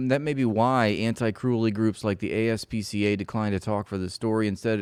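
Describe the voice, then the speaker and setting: A man's voice: lowish voice, darkish tone, clear, resonant tone, no echo. A man streaming, reading an article aloud with sarcastic, mocking running commentary. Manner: sarcastic, mocking, frequent laughs.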